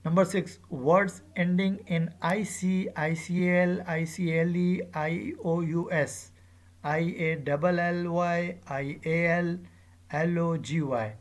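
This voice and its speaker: Slow, deliberate pronunciation teacher. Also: mid-range voice, fairly even intonation. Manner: says each example word aloud two or three times; deliberate, with spelled-out letters and frequent "uh". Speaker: English teacher. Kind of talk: pronunciation lecture.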